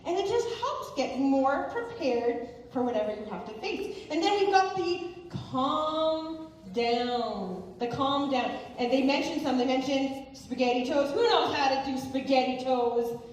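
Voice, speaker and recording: A woman hosting a family event and speaking as a parent, playful and animated as she talks to children. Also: sits high, normal speed, few pauses, a little hiss or hum. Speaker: host and parent panelist. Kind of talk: lively family event presenting. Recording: echoey hall from far off.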